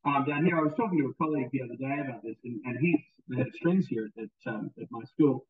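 A husky-voiced man, a music teacher, talks through his presentation with eager enthusiasm, stumbling over repeated words and frequent ums. The sound is thin and tinny, like a phone line. He sits at some distance from the mic. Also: medium pitch, fast talker. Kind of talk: recorded presentation.

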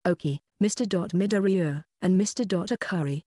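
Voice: medium pitch, normal speed, mellow, breathy edge, no echo, clean studio sound, lightly acted. A narrator doing a cold, ruthless young chef. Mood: menacing. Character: ruthless young male chef threatening captives.

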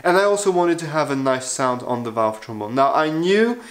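A man's voice: on the high side, expressive, normal speed. A man talking through a casual video review as a trombone player, chatty, frank and self-deprecating.

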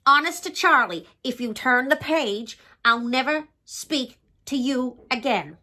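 A woman's voice: sits high, a little slow, bright, forceful tone. A woman reading a picture book aloud in a dramatic, pleading, playful way, as the host of a storytime channel.

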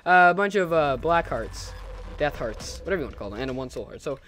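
A man's voice: a little high, lively intonation, fast, a bit bright, faint music behind. Rambling young man commentating a game. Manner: rambling and self-correcting, humming and joking to himself. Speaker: gaming channel host. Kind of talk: casual let's-play commentary.

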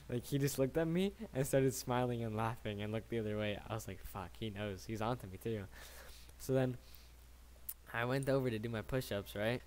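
A young man in his late teens telling a casual story, rambling and slangy, swearing often and tagging his sentences with "right?". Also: mid-range voice.

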